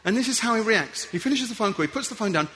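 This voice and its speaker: A man giving a playful, animated talk to an audience as a guest speaker, acting out little scenes as he goes. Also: high voice, racing, a little hiss or hum. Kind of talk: lively motivational talk to an audience.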